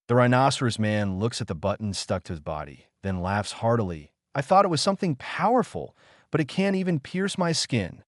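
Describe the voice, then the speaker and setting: A man's voice: on the low side, a little mellow, no echo, studio quality. A man narrating an audiobook in a dramatic style, calling out sound effects with punch. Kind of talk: audiobook narration of a fan novel.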